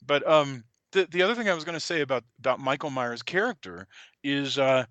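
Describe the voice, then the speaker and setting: A man's voice: mid-range voice, expressive, fairly quick, fairly bright tone, no echo, dull audio. A man co-hosting a podcast, talking through a film review in a rambling, self-correcting way and chuckling as he goes. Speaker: podcast co-host. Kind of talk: casual film review chat.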